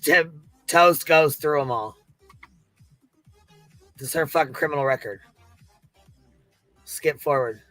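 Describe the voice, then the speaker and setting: A man's voice: on the high side, slow, pauses often, fairly bright tone, no room sound, faint music behind. A man hosting a stream, giving crude, scornful commentary while he handles clips. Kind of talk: profane casual commentary.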